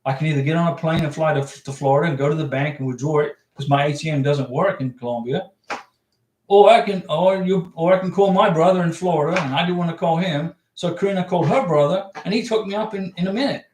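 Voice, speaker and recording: A man's voice: a little high, fast, a little mellow, reverberant, a little hiss or hum. A man hosting a casual livestream, reading viewer comments aloud and giving blunt, reassuring advice.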